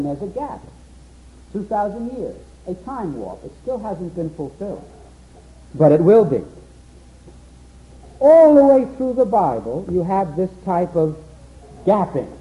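A man's voice: a little high, poor audio. A man teaching a Bible sermon, acting out quotes and dialogue in a raised voice. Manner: animated, acts out quotes in a raised voice. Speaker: preacher.

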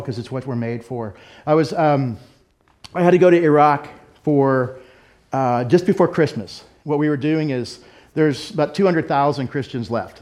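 The voice is a man's, mid-range with a darkish tone. A middle-aged pastor, he preaches conversationally and candidly, poking fun at himself as he shares a personal story.

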